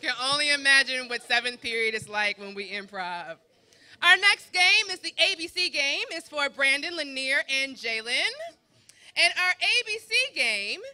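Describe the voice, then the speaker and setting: A woman's voice: sits high, animated, normal speed, pushed and bright. A woman hosting an improv showcase as the drama teacher, upbeat as she explains the rules and cues the players in. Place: school theater stage with live audience.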